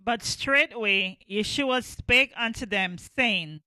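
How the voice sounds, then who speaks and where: Slow, careful scripture reader, bright voice, dry close sound. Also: medium pitch, lively intonation, no echo, low-quality recording. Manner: reads slowly and carefully, answers briefly. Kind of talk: slow reading aloud.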